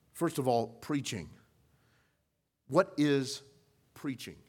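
A male pastor preaching a sermon, pushing his voice up for emphasis with rhetorical questions, then dropping low and quiet. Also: lively intonation, takes it slowly, long pauses, breathy edge. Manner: rises in pitch and volume for emphasis, then drops low.

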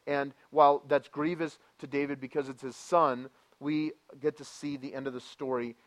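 Reading scripture aloud with emphasis, this male pastor preaches in a mid-range voice. His sermon builds from calm, reflective passages to loud, fervent preaching.

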